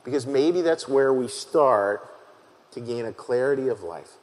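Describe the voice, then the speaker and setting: A man preaching a sermon as pastor, earnest and halting, often repeating his key phrases for emphasis. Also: mid-range voice, animated, darkish tone. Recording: long hall reverb.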